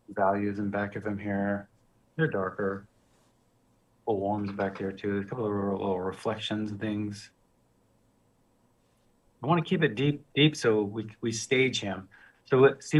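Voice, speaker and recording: A man's voice: lowish voice, fairly even intonation, unhurried, pauses often, a bit bright, distant mic. A man teaching a live painting demonstration, talking loosely and joking while he works. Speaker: guest painting instructor.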